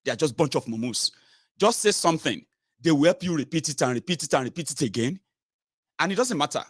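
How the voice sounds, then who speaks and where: A man's voice: fairly high pitch, lively intonation, fast, no room sound, clean studio sound. A man with a Nigerian accent, a political commentator ranting with scorn and repeated mocking labels. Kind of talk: opinion vlog rant.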